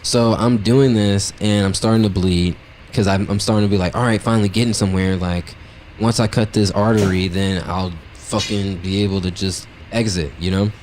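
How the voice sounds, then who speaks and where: A man's voice: on the low side, steady tone, normal speed, darkish tone, a little hiss or hum. A man telling a long personal story on his podcast in a blunt, profane, rambling way, peppering it with "like" and "right?". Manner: blunt, profane, brutally honest; loose and rambling, heavy with "like" and "right?". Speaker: podcast host. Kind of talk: casual storytelling monologue.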